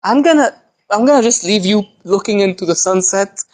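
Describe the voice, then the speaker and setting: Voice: medium pitch, animated, moderate pace. A player in a tabletop game who chats casually, laughs often and swears freely while describing their character's actions. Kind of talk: casual tabletop role-play chat.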